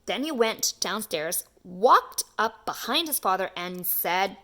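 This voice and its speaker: A woman reading a children's picture book aloud in an expressive, animated way. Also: mid-range voice, slow pace, hardly any pauses. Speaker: children's story reader. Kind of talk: storybook read-aloud.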